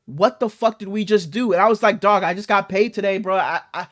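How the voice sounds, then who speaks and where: A young man co-hosting a podcast, telling a long story in a casual, animated way, swearing freely. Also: high voice, a little fast. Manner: animated, profane storytelling with acted quotes. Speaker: podcast co-host.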